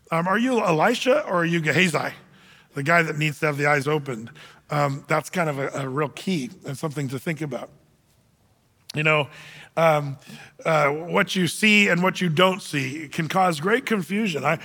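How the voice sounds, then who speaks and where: Animated, high-voiced preacher in a hall. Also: male voice. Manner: animated storytelling, acts out characters. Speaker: pastor. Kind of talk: sermon.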